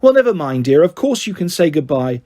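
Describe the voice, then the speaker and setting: A man's voice: a little high, very animated, a little fast, mellow. A man voicing a fussy, snobbish middle-aged mother who talks in a prim, simpering way, reading a storybook aloud.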